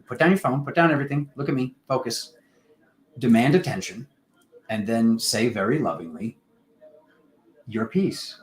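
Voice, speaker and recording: A man hosting a casual live-stream tarot reading, talking in an unhurried, rambling spiritual way with many fillers. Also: medium pitch, rough recording.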